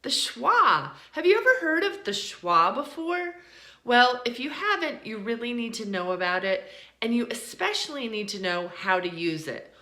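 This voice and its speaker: An American woman teaching English pronunciation in an online lesson, speaking deliberately and drawing out example words. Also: on the high side, big pitch swings, sharp tone. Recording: roomy echo.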